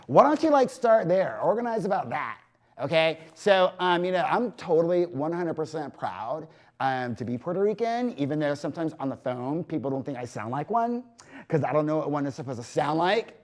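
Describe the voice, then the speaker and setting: A man hosting a community TV variety show from a studio, talking in a gossipy, animated, casual monologue full of "like" and "you know". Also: high voice.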